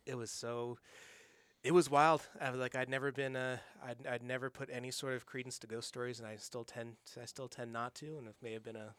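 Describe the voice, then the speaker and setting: A man recounting a personal story in a loose, rambling way, full of "like" and "um" and restarts. His voice sits at an ordinary middle pitch. It is recorded dry and close, with no room sound. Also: a little fast, clean tone, no room sound. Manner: rambling, animated anecdote with many fillers and restarts. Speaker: guest. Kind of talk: casual storytelling. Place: studio.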